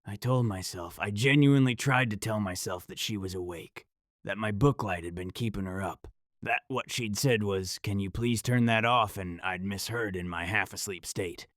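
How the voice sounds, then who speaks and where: A man narrating a first-person horror story in a dramatic, measured delivery. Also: on the low side, dry recording, clean studio sound.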